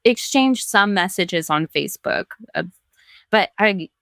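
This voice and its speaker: A woman's voice: mid-range voice, expressive, measured pace, a bit bright, no echo, studio quality. Candid, chatty woman podcast guest. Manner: candid, chatty, laughs readily, many fillers like "like". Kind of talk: casual chat.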